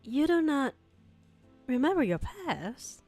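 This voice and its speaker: A woman's voice: sits high, takes it slowly, faint music behind, voice pushed up, heavily acted. A woman voicing a polite, formal wealthy young man with a put-on British accent, reading a script for voice acting practice. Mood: courteous. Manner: courteous, formal, gently flattering.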